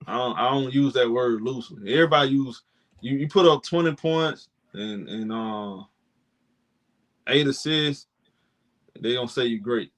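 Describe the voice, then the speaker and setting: With a mid-range voice, moderate pace and frequent pauses, this young co-host argues about players on a live sports reaction stream. His talk is emphatic and slangy, and he imitates critics in mocking put-on voices.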